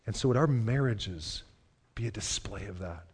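A man's voice: lowish voice, lively intonation, moderate pace, a little mellow, husky. A man preaching a sermon in a church, earnest and repeating phrases for emphasis. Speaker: pastor. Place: church hall.

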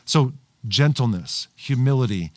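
A man's voice: medium pitch, expressive, unhurried, a little mellow, no room sound. Man, pastor, livestreamed sermon, casual and chatty, dry close sound. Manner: conversational, many fillers and restarts, asks "right?" often. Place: studio with cameras and screens.

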